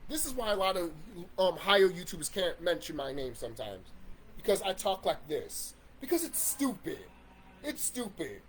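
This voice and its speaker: A man's voice: high voice, big pitch swings, normal speed. A man in a casual ranting monologue about video games, swearing and rambling with restarts. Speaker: YouTube commentator.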